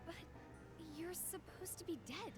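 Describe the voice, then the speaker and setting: Very high startled girl adventurer. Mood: astonished. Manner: slow, astonished questions. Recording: game audio over loud music.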